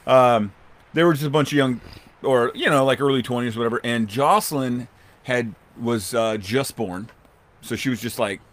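A man in his thirties co-hosting a podcast, telling a story in casual chat and acting out the quotes loudly. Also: medium pitch, moderate pace. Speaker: podcast co-host.

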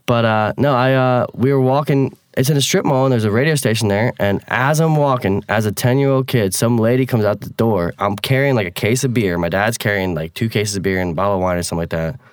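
A young man on a casual podcast, an animated storyteller who acts out voices and swears casually. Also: fairly low pitch, quick pace, few pauses, dry recording, clean studio sound.

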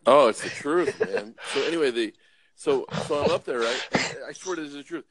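A man's voice: a little high, brisk, background noise. A man who drives trucks, telling jokey, rambling stories in a casual chat. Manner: rambling, jokey, lots of uh and restarts. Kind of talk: casual joking storytelling.

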